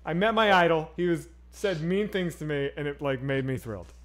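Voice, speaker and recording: A man co-hosting a casual streamed chat, excitable and swearing freely. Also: fairly high pitch, brisk. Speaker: podcast co-host.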